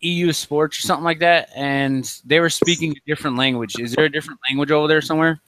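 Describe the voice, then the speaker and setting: A man's voice: fairly high pitch, fairly even intonation, fast talker, bright, forceful tone, no echo, rough recording. A man in a casual live-stream chat who keeps asking plain, curious questions. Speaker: chat guest.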